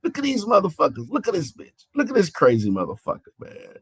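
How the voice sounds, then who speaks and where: A man's voice: high voice, huge pitch swings, a little fast, slightly rough, no echo. Profane, mocking man ranting on stream. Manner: mocking, profane, repeats phrases with stammered restarts. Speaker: online panel host. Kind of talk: heated live-stream rant.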